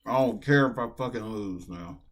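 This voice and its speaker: A man's voice: fairly low pitch, moderate pace. A man streaming online poker, talking casually and venting with a lot of swearing. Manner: profane, venting. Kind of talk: casual live-stream commentary while playing. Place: at a computer, indoors.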